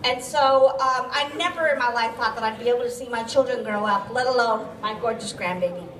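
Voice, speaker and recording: A woman with grandchildren giving a candid, chatty talk at an event, often out of breath and gently joking. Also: a little high, brisk, distant mic, slight background noise. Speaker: patient speaker. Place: event venue. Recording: echoey hall, mic from afar.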